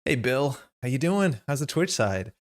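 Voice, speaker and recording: A man's voice: mid-range voice, big pitch swings, normal speed. A young man hosting a live stream, out of breath and chatty, greeting viewers in the chat by name. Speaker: streamer and host.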